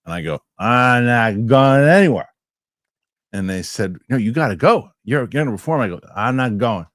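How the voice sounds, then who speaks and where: A middle-aged male host with a somewhat low voice chats and tells stories in an animated, excitable way. He's recorded on a close, dry mic with no room sound. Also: brisk, no room sound. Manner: animated storytelling, excitable rants. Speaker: show host. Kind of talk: casual chat.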